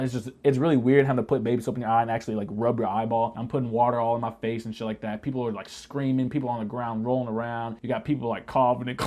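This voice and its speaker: A man in a casual storytime vlog, retelling an army-style ordeal with heavy swearing and animated, shouted asides. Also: medium pitch, quick pace, hardly any pauses. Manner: profane, animated retelling that shouts quoted lines. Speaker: vlogger telling a military story.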